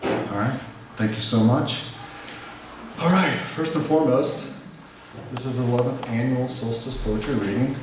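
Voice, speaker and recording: A man hosting a live community poetry reading, welcoming the audience and thanking helpers in a relaxed, chatty way. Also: mid-range voice, a little slow, pauses often. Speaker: event host. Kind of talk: casual welcome and thank-yous at a live event. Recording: echoey hall from far off, noisy.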